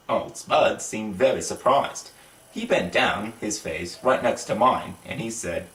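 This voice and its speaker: Sitting back from the mic in an echoey room, a man with a fairly low voice reads a children's storybook aloud in a put-on British accent. He is lively and voices the characters, his tone rising and falling with the story, and he is recorded from a distance.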